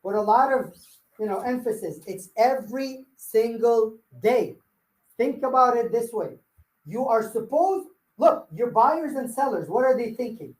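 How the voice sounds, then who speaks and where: A man's voice: very high-pitched, lively intonation, measured pace, a little mellow, echoey room, rough recording. A man leading a live sales coaching workshop, blunt and firing rhetorical questions at his audience. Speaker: real estate sales trainer.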